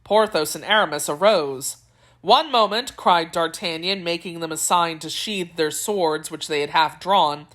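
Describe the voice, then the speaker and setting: A woman reads a classic novel aloud in a measured narrating voice. Her pitch sits on the low side for a woman. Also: a bit bright. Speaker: audiobook narrator.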